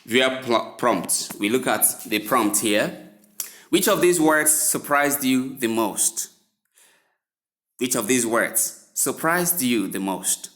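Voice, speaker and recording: A man teaching English pronunciation, spelling out words letter by letter in a slow, deliberate way. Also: medium pitch, expressive, fairly bright tone. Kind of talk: spoken English lesson.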